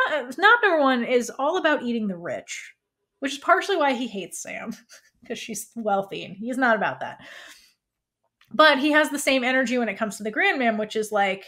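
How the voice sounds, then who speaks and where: Her fairly high-pitched voice carries an animated recap of a TV episode on the podcast she co-hosts, with quick asides and casual swearing thrown in.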